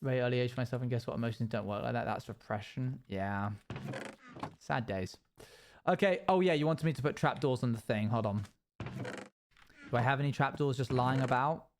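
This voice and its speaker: A man's voice: medium pitch, normal speed. A young man streaming a game and telling a rambling story with sound-effect noises. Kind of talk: casual storytelling while gaming.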